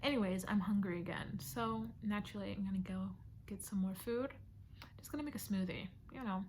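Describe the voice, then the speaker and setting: A woman's voice: mid-range voice, a little fast, a little mellow. Young woman, playful home vlog chatter, phone mic, slight background hiss. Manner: chatty, playful, self-teasing, drops into whispers. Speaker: vlogger. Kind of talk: casual vlog chat.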